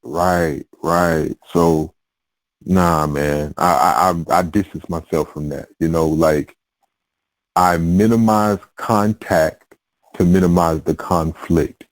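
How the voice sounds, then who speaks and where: Deep laid-back man, slangy. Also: fairly even intonation, slow, no room sound, low-quality recording. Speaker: podcast host. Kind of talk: casual conversation.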